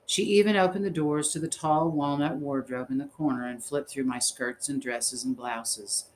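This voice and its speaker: A man reads a storybook aloud in the first person, at a measured, steady pace. His voice sits at a middle pitch, and a faint hiss runs under it. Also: low-quality recording. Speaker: audiobook narrator.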